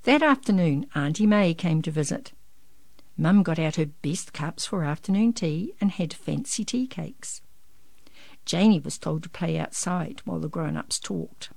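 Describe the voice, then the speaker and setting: A woman reading a children's picture book aloud in an expressive, lively storytelling manner. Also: on the low side, a little slow, vocal fry, no echo.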